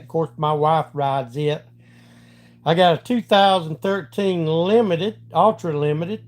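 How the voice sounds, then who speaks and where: A man's voice: fairly high pitch, darkish tone. A middle-aged man from Georgia with a Southern accent, hosting a casual live stream and chatting with viewers in a folksy way. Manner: folksy, chatty, reads out and answers viewer comments. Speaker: livestream host.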